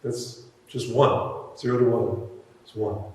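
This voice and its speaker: A man's voice: fairly low pitch, fairly even intonation, slow pace. Male preacher, reflective and musing, recorded from afar in a big echoey hall. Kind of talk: sermon. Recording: echoey hall, mic far off.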